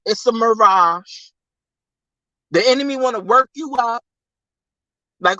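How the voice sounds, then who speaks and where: A livestream host giving an emphatic, repetitive faith-based pep talk, calling listeners "baby" and swinging from low, slow murmurs up to high, loud bursts. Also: no room sound, muffled recording. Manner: preachy, emphatic, repeats phrases, calls listeners baby.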